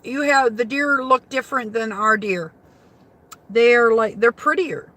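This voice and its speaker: A woman's voice: on the high side, a little slow, fairly bright tone. A woman from Michigan, a rideshare driver, chatting casually and saltily on a livestream from her car, laughing easily. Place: inside a car.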